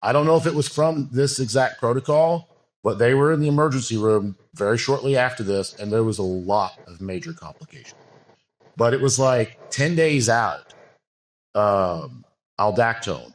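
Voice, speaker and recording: Speaking as a podcast guest, a man who coaches bodybuilding tells a candid, meandering story full of fillers and false starts. The talk is casual interview style; his pitch is medium, his intonation lively, his pace moderate.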